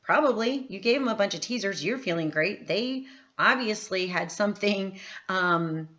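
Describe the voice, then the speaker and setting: A woman's voice: medium pitch, expressive, normal speed, fairly bright tone. A woman giving a casual, chatty training talk, upbeat and full of fillers. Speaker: network marketing trainer. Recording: slightly dull lo-fi audio.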